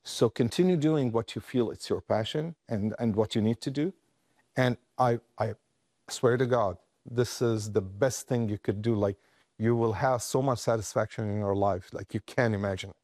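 A man who works with refugees, telling a personal story in an emotional, halting way with many restarts. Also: lowish voice, darkish tone, dry recording, clean studio sound. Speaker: guest, refugee aid worker.

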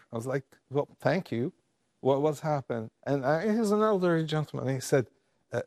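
A man who works with refugees, telling a personal story in an emotional, halting way with many restarts. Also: fairly high pitch, darkish tone, dry recording, clean studio sound. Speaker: guest, refugee aid worker.

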